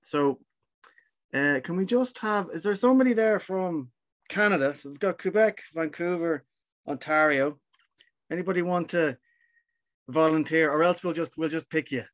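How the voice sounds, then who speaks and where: A man's voice: on the high side, normal speed, long pauses. A friendly, informal man hosting an online gathering over a video call. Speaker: event host.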